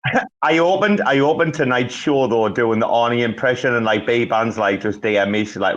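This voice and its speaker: A man hosting a casual live audio chat, swearing freely and rambling with excitement. His voice sits in a middle register. The audio is dull and lo-fi, like a low-quality online stream. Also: moderate pace. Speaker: host.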